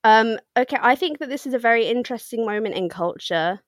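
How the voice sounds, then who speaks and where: A woman co-hosting a casual podcast chat, with dry, deadpan humour and frequent ums. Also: a little high, quick pace, dry recording. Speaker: podcast co-host.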